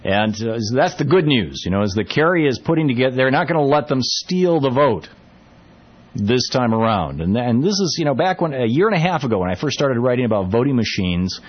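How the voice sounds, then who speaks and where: A man's voice: mid-range voice, very animated, fairly quick, husky. A man from Vermont hosting a call-in radio show, talking conversationally with frequent fillers and restarts. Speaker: radio talk show host. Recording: dull lo-fi radio broadcast.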